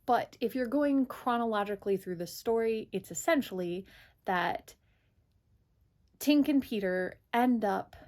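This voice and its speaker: A woman's voice: fairly high pitch, lively intonation, a little slow, darkish tone. A young woman giving a casual, chatty book review, full of "like" fillers.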